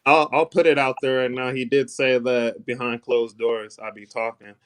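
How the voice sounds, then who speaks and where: A man guesting on a gaming talk show, soft-spoken and leaning on "like" as filler. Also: mid-range voice, little pitch movement, normal speed, clean tone, no echo. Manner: soft-spoken, filler-heavy, says "like" a lot. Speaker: guest, league player. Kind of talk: casual chat.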